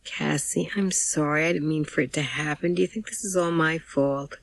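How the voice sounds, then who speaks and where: A woman voicing a remorseful teenage sister who speaks in a hushed, guilty way, in a dry, close sound. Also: low-pitched, steady tone, moderate pace, creaky, no room sound.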